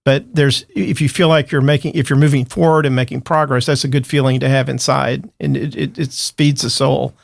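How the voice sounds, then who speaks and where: Gravelly male podcast host. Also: medium pitch, level tone, brisk, few pauses, dry recording, studio quality. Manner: rambling, hesitant, many restarts. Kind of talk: podcast interview.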